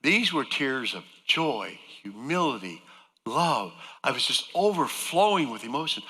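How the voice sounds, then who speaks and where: A man's voice: mid-range voice, sing-song, a little slow, bright, forceful tone, husky, long reverb tail. A man giving an emotional church testimony, storytelling with wry joking asides. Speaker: guest speaker sharing a testimony. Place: church sanctuary.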